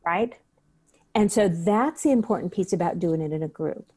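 A woman's voice: fairly low pitch, normal speed, darkish tone, slightly rough. A woman breathwork teacher talking in an interview, earnest, acting out the questions she asks herself. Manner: earnest, acts out her own inner questions. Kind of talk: conversational interview.

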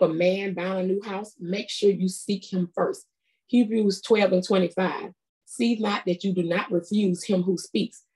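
A woman's voice: fairly low pitch, mellow. Woman, middle-aged, sermon, colloquial, earnest. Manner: earnest, conversational preaching with colloquial speech. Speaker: prophetess preaching.

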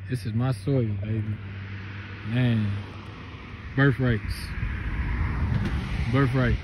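A man, vlogging excitedly and reverently on his family's road, laughing often. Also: medium pitch, drawn-out words, long pauses, background noise. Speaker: vlogger visiting family land. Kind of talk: emotional casual vlog narration.

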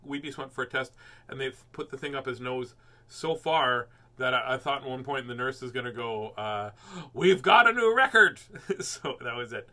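This host reads children's books aloud live, and between pages he chats playfully, joking and rambling with lots of fillers and goofy noises. His voice is mid-range and sharp in tone, with fairly even intonation and a moderate pace.

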